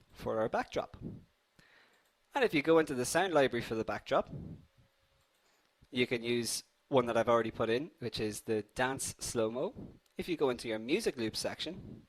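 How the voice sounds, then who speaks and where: Lively man teaching a live class, slightly congested. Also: mid-range voice. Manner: upbeat and chatty, addresses viewers as guys. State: has a slight cold. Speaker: coding instructor hosting a live class. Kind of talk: live online tutorial with viewer poll and questions.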